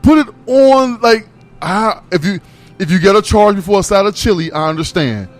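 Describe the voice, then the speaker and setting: A man co-hosting a radio show, telling an emphatic, animated complaint story. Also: high voice, a little fast, soft background music. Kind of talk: casual comedic rant.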